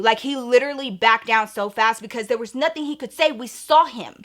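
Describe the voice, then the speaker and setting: A woman's voice: fairly high pitch, fairly quick, hardly any pauses. Woman vlogger, casual storytime, swears a lot, talks right to viewers. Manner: profane, chatty, addresses viewers as y'all.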